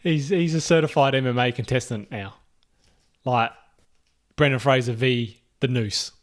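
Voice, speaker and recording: A man co-hosting a podcast in relaxed casual chat, laughing often and restarting his sentences. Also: mid-range voice, moderate pace. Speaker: podcast co-host.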